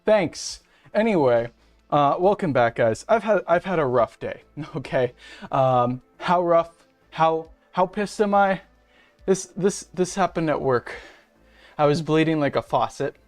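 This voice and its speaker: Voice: mid-range voice, expressive, measured pace, soft background music. A young streamer, self-described femboy, ranting casually and profanely to viewers at a home setup. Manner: profane, rambling, venting. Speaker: streamer, host of the channel. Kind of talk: casual ranting livestream chat. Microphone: webcam and desk mic at home.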